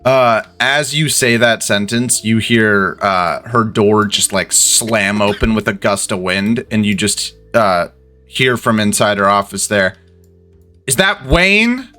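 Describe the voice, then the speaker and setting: A man's voice: fairly low pitch, steady tone, measured pace, pushed and bright, faint music behind. A man narrating as game master in a casual, laid-back way, with frequent swearing.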